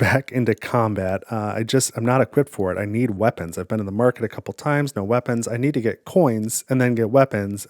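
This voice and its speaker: A man's voice: mid-range voice, darkish tone, no room sound, clean studio sound. A man casually talking through a solo board game, thinking aloud and counting his cards. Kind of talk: casual playthrough commentary.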